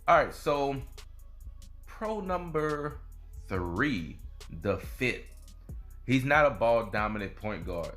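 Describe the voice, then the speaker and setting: Casual low-voiced man talking basketball. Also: a bit bright. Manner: casual, repeats phrases and ends lines with "man". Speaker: sports video host.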